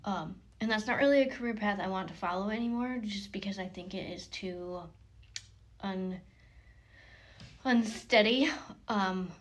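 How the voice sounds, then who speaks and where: A woman's voice: medium pitch, unhurried, long pauses. A young woman who works on a farm, talking casually through a vlog in a rambling way that often drops to a whisper. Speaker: farm worker vlogger. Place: outdoors on a farm, later an office.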